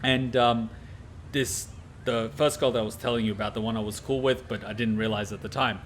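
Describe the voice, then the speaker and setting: A man's voice: fairly low pitch, steady tone, a little fast, slight background noise. An Australian man streaming a game reaction, telling a rambling casual anecdote full of fillers and laughter.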